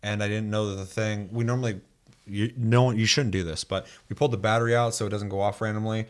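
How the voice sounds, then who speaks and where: A young man with a lowish voice hosts a casual gaming podcast. He reads listener comments aloud and jumps into animated, profane stories. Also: quick pace. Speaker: podcast host. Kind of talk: casual chat.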